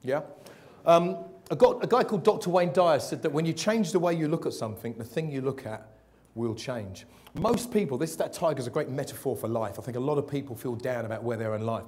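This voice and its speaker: A man's voice: mid-range voice, a little mellow. A man giving a motivational keynote talk to a live audience, jokey and quizzing the crowd with questions. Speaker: keynote speaker. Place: event hall with an audience.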